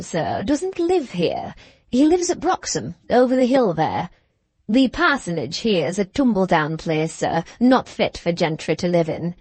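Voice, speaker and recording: A woman's voice: medium pitch, darkish tone, husky, no echo. A woman voicing a pompous, chatty male village innkeeper with a treble, wheezy voice and a mincing accent, reading a classic novel aloud. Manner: deferential, chatty, says "sir" often.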